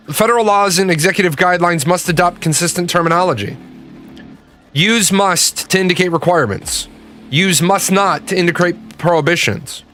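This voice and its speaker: A man's voice: high-pitched, fairly bright tone. A man giving a blunt, profane political opinion rant in a casual, emphatic way. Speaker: political commentator.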